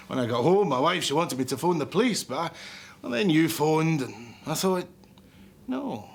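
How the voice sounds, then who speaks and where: An actor playing a nervous, over-polite bakery owner with a Scottish accent, who stammers. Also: male voice, a little high, big pitch swings, normal speed, creaky, exaggerated voice.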